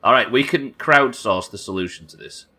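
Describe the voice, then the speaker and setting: A man's voice: mid-range voice, normal speed, pushed and bright, breathy edge. A man streaming a game live, chatting with viewers in a wry, sweary, bantering way. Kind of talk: live gameplay commentary.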